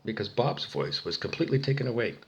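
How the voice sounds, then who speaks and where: A man delivers a furious, profane solo rant to the camera. His voice sits low but swings widely in pitch, dropping to mutters and then bursting into shouts. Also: very animated, quick pace, husky. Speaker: vlogger.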